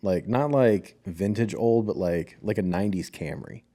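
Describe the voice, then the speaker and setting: Low, mellow-voiced man telling a story. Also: moderate pace. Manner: recounts a dream, acts out family quotes, swears freely. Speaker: podcast co-host. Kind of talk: casual storytelling chat.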